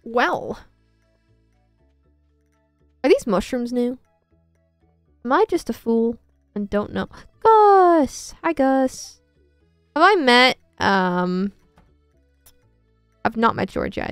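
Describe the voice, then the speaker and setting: A woman's voice: on the high side, expressive, takes it slowly, long pauses, a bit bright, no room sound, studio quality, faint music behind. A woman streaming a farming game, chatting casually and self-mockingly with her viewers. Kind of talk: casual gameplay commentary.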